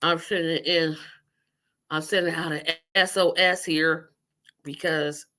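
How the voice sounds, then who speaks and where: A woman's voice: sits low, fairly even intonation, a little slow, bright, forceful tone. A woman hosting a casual political livestream, rambling and talking to her viewers while she multitasks. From Indiana. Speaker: livestream host.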